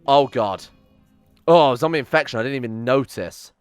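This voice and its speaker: A man giving excitable let's-play commentary, swearing and bossing his colonists around, with faint music behind him. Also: mid-range voice, moderate pace, smooth, no echo. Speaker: game streamer.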